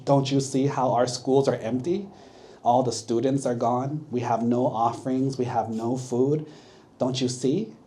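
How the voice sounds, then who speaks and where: A monk putting on a band of resentful rival teachers, grumbling and aggrieved about what they have lost. The voice stays mellow and low-key, a storybook villain group told aloud to children. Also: male voice, steady tone, measured pace, close to an everyday voice. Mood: complaining. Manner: aggrieved, complaining. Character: upset rival male teachers, resentful and sassy.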